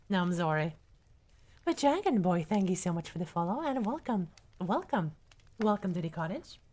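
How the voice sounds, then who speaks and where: A young woman streamer reading aloud softly for ASMR, breaking into chatty asides to her chat, close to a studio microphone. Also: lowish voice. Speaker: livestreamer.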